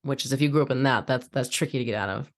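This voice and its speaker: A woman's voice: very deep voice, racing. A woman hosting a podcast interview, speaking casually and thoughtfully, often repeating words as she works out her point. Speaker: podcast host, chiropractor.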